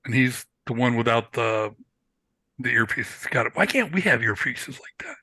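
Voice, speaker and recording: Bright, hesitant man at a game table. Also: mid-range voice, expressive, moderate pace, husky, no room sound. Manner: hesitant, repeats words, goofy. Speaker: player.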